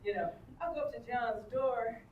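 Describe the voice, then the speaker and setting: An older woman, a guest on a convention panel, tells bawdy anecdotes to an audience, laughing big and acting out voices. Her voice is on the high side, steady, and at normal speed. The muffled recording sounds distant in a roomy hall with crowd noise.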